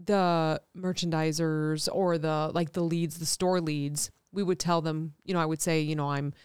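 A woman's voice: low-pitched, flat delivery, a little slow, darkish tone, clear, resonant tone, no echo, studio quality. A tired woman co-hosting a podcast, reacting eagerly and asking follow-up questions. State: tired, yawning. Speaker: podcast co-host. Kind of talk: casual chat.

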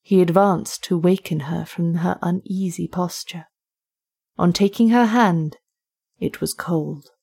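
A woman who narrates a short story and hosts the show, reading in a measured, even way. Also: lowish voice, husky. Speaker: narrator and host.

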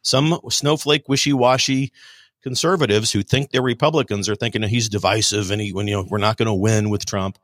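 A man's voice: lowish voice, steady tone, brisk, fairly bright tone, no room sound. A man speaking as a guest author on a political talk show, emphatic and rambling with frequent restarts.

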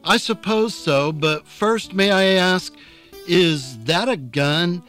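A man voicing a wary, good-natured village priest who speaks with a slight accent, measured and suspicious. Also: high voice, a bit bright, soft background music, pitched above the performer's own voice.

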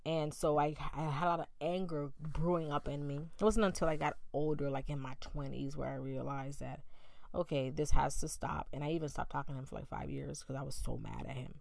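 A woman's voice: deep voice, steady tone, brisk, vocal fry, darkish tone, dry recording. A woman in her thirties candidly telling a personal story in a conversational way. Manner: candid and conversational, with many fillers and acted-out quotes. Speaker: speaker sharing a personal story.

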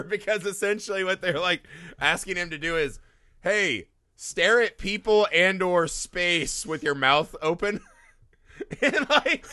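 Animated, bright-voiced man reviewing movies. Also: high voice, no room sound, clean studio sound. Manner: animated, swearing, mocking impressions. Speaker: podcast co-host. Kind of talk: casual movie-review chat.

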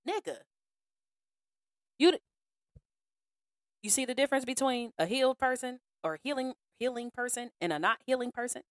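A woman hosting a podcast in a casual monologue, frank and slangy, acting out other people in an animated way. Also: a little high, moderate pace, pauses often, dry recording, studio quality. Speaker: podcast host.

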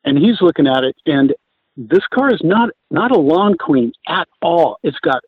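Male guest, relaxed storyteller, husky, phone-line audio. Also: on the high side, normal speed, no echo. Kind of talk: casual storytelling interview.

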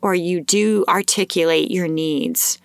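A woman telling a personal story in a casual, animated way, acting out her own thoughts in a higher voice. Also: measured pace, gravelly, no echo, studio quality. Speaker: host sharing a personal story.

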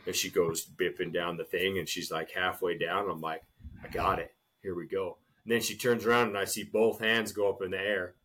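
A man co-hosting a casual podcast, telling a long shopping story in an animated way and often calling his friend "dude.". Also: normal speed, breathy edge. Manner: animated storyteller, swings loud and high acting out scenes, says "dude" a lot. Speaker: podcast co-host.

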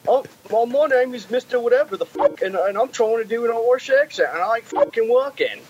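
A man putting on a mocking high voice of an Australian man faking a bad Irish accent, in a dull lo-fi recording. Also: animated, a little fast, a little mellow, breathy edge, heavily acted.

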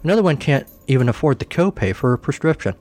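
A man's voice: mid-range voice, very animated, fast talker, a little mellow, voice pushed up, natural voice. A man voicing a weary, sarcastic female hospital doctor who sounds exasperated.

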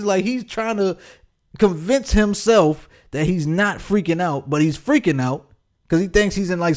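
A man in his late twenties telling a casual, profane story on a podcast and often laughing as he talks. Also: sits high. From Pasadena area, California. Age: 20s. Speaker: podcast co-host.

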